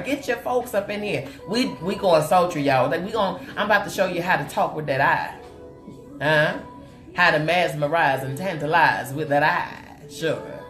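Her voice sits low and her pace is measured as she runs a live-stream makeup demonstration, chatting warmly with viewers and calling them honey and sugar. She comes across as lively and chatty, and faint music plays behind a roomy echo.

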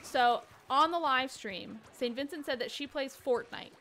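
A woman hosting a charity game stream, chatting casually and reading donation messages aloud with excitement. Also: high voice, unhurried, a little hiss or hum. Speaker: host.

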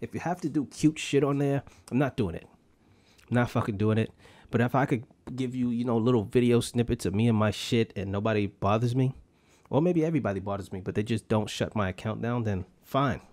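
A man's voice: medium pitch, brisk, a little mellow, dry recording. A young man hosting a solo podcast, rambling bluntly with heavy swearing and street slang. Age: young adult. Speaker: podcast host.

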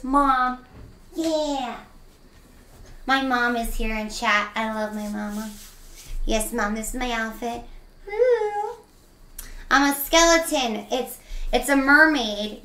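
A woman's voice: high voice, bright, forceful tone, reverberant. A young woman streaming a game, chatting casually and playfully with her viewers as she reads their messages aloud.

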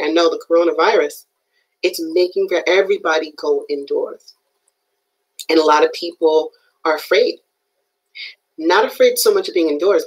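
A woman giving an animated, emphatic motivational talk on a live stream, often checking in with her viewers. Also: lowish voice, breathy edge, poor audio. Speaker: motivational speaker.

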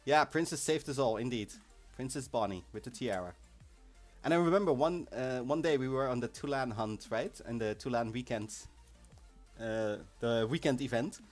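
A man hosting a live game stream, chatting casually and excitably, sometimes bursting into shouts. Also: mid-range voice, normal speed. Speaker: livestream host of an online game event. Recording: faint music in the background.

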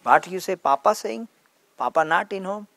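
A man voicing an angry creditor who demands his money back in a loud, demanding tone. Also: high-pitched, lively intonation, moderate pace, dry recording, voice pushed up. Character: angry adult male creditor shouting at a door.

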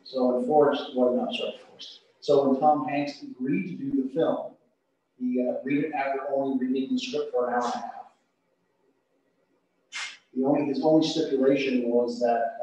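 A man leads a yoga class in a relaxed, unhurried way, slipping in fillers as he talks. His voice sits at an ordinary middle pitch. It sounds very echoey and distant, as if picked up from across a studio. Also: muffled recording. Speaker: yoga instructor. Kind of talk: yoga class instruction with trivia.

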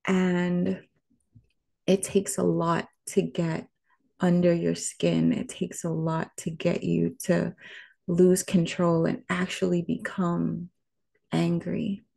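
Slow, gravelly-voiced woman vlogger. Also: fairly low pitch, mellow. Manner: measured, speaks directly to the viewer. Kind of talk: reflective word-of-the-day vlog.

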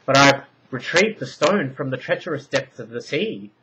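A man's voice: medium pitch, animated, moderate pace, a bit bright, slight background noise, lightly acted. A man reading a story aloud, voicing an anxious Minoan queen who pleads and presses with urgent questions. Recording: dull lo-fi recording.

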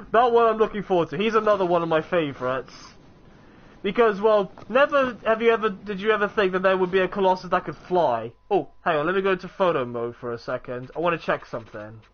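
A man's voice: sits high, dull audio. A young man casually commenting while playing a video game, chatty and rambling, often restarting his sentences. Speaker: let's play gamer.

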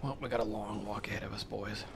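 A man's voice: lowish voice, fairly even intonation, quick pace, vocal fry, background noise. A man streaming a video game, talking casually and wryly to his friends on a close mic. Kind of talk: casual gaming chat. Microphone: desk mic close up.

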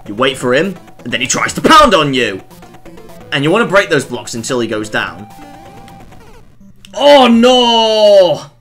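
A man giving excitable let's play commentary, exclaiming and scolding the game as he plays. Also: medium pitch, a little fast, soft background music. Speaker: gameplay video host.

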